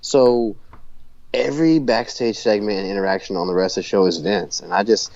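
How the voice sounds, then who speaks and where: Low voiced guy rambling thru a podcast recap, lots of ums, muffled dry audio. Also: fairly quick, creaky, darkish tone, dry recording. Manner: rambling with many fillers and restarts. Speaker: podcast co-host. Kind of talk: casual recap chat.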